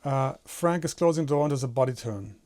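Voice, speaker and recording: A man's voice: mid-range voice, brisk, a little mellow, slight background noise. A man teaching animation in a tutorial, explaining step by step and demonstrating with his own head and hands. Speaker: animation instructor.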